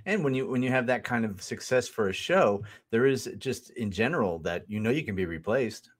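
A man's voice: mid-range voice, animated, a little fast. A man co-hosting a podcast, agreeing and chuckling along in casual talk. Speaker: podcast co-host.

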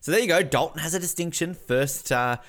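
A man's voice: a little high, fairly quick, a bit bright. A man co-hosting a podcast in casual chat, rambling and joking with crude asides. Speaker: podcast co-host.

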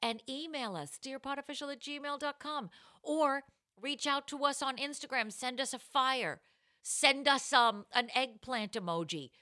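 A woman's voice: sits high, a little slow. A woman hosting a comedy podcast, talking in a playful, theatrical way from a home mic. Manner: playful, animated, theatrical gasps and laughs. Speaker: podcast host. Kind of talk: casual comedy podcast chat.

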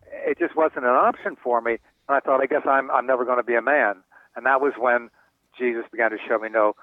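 An older man tells his stories with relish, slipping into high voices for the people he quotes. The sound is thin and phone-like, and the room is dry. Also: no room sound. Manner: animated storyteller acting out quoted voices. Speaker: author and guest. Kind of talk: storytelling interview answers. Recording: tinny phone line, dry.

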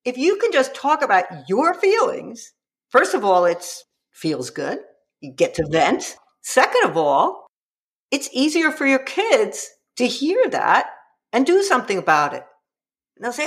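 A woman, a parenting book author, speaking as an interview guest and acting out quotes of parents and children with lively energy. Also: mid-range voice, moderate pace. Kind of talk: conversational interview.

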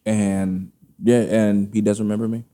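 A man's voice: fairly low pitch, a little slow. Candid man telling a wild story. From Brooklyn, New York family roots. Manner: candid, animated storytelling with quoted dialogue and profanity. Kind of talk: casual storytelling chat.

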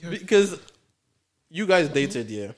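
A man's voice: fairly high pitch, sing-song, slow. A man in casual chat, blunt and advice-giving, firing off rhetorical questions.

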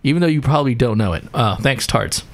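A man's voice: mid-range voice, lively intonation, fast talker. A man co-hosting a motorcycle podcast, reading a listener's email aloud in casual chat and breaking into laughs and crude asides. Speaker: podcast co-host.

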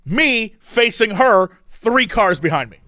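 A man with a high, lively voice tells a story in a casual chat. He laughs often and acts out each person in it. The sound is dry and close. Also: takes it slowly, dry recording. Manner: animated, laughing, acting out the people in his story.

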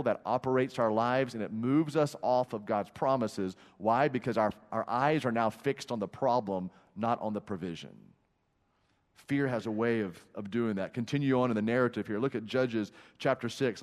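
A man, a pastor preaching a sermon in an emphatic, repetitive style with dramatic pauses. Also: mid-range voice. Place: large church sanctuary. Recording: long hall reverb.

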